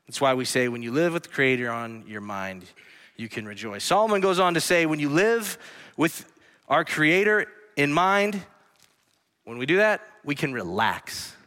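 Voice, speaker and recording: A man pastor preaching a sermon in a church, earnestly swinging between hushed lines and emphatic ones. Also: a little high, expressive, moderate pace, smooth. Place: church sanctuary. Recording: long hall reverb.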